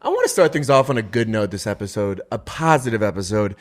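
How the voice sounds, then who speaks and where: A man's voice: fairly low pitch, animated. Upbeat male podcast host. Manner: upbeat, quick, laughs often. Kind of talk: casual comedy podcast chat.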